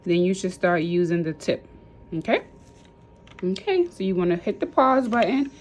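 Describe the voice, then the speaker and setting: A woman's voice: lowish voice, lively intonation, moderate pace, a little mellow. A woman, a nail technician demonstrating drill work in a casual, repetitive step-by-step way. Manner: chatty, repetitive step-by-step instructions with Southern US slang. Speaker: nail technician teaching a class. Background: nail drill whirring.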